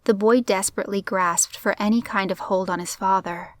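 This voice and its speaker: A woman narrating a crime story in a steady, measured audiobook reading. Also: mid-range voice, no echo, clean studio sound.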